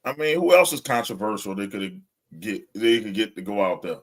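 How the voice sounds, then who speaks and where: A man's voice: on the low side, very animated, brisk. A man co-hosting a podcast in casual chat, ranting with lots of swearing and frequent laughter. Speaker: podcast co-host.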